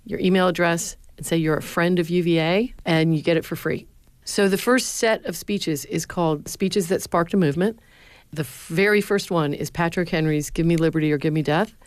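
A middle-aged woman who was a speechwriter and now lectures, answering interview questions with earnest stories and lively quotes. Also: fairly low pitch, dry recording. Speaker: former speechwriter, university lecturer.

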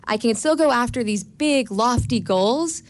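A young woman in her twenties from Florida telling a candid, wry personal story on stage, often laughing between lines. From Tampa, Florida. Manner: quick and lively, pitch rising when excited.

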